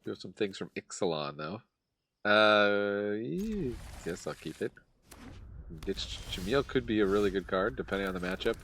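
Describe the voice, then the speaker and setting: Low-voiced man muttering game commentary. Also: sing-song, moderate pace, a bit bright. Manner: chatty, muttering play-by-play with sighs and laughs. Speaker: gameplay commentator.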